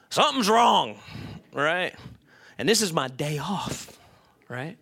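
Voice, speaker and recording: A middle-aged man preaching a sermon as a pastor, animated, moving between loud emphasis and quiet asides and acting out voices. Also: on the high side, takes it slowly, gravelly, pauses often, husky. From United States.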